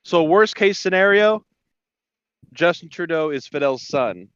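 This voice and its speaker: A man's voice: a little high, animated, measured pace, fairly bright tone, clear, resonant tone, no echo. A man co-hosting a casual podcast chat, ranting and laughing with friends. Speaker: podcast co-host. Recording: dull lo-fi dry podcast audio.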